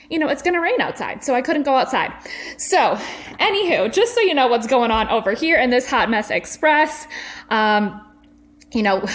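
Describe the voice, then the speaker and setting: A woman, hosting a casual motivational podcast from her home kitchen in a chatty, upbeat, folksy way. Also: on the high side. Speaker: podcast host and network marketing coach.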